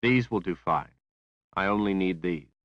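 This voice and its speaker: A cold, calculating man, voiced by a male narrator speaking in a deep, calm, measured way. The menace stays under the surface. The sound is dry and a little dull. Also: dry recording.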